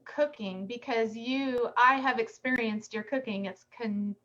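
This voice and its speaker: A woman's voice: a little high, measured pace, fairly bright tone. A woman hosting a casual chat, upbeat and encouraging, asking questions and talking to listeners. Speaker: host. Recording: dull lo-fi sound.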